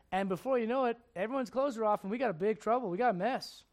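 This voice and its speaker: Male preacher, high voice, lively sermon storyteller with constant rhetorical questions. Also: fast talker, few pauses.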